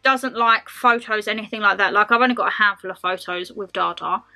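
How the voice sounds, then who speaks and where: A woman's voice: mid-range voice, brisk, sharp tone, soft background music. A woman in her twenties doing a casual, rambling Q&A vlog to camera, calling her viewers her lovelies. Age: 20s. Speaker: lifestyle vlogger.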